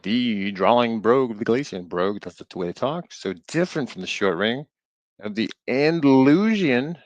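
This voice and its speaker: A man's voice: medium pitch, no echo. A man streaming live, reading aloud from an old book, stumbling over words and breaking off into jokey asides. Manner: reads aloud haltingly, stumbling over words and riffing jokingly.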